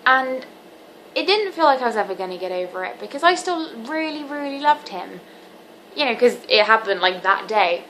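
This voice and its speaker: A teenage girl speaks earnestly to her camera, confiding in a halting way with plenty of ums. Her voice sits at an ordinary mid pitch. A faint hiss of background noise runs underneath. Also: a bit bright, low-quality recording. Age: teens. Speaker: vlogger. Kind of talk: candid personal vlog.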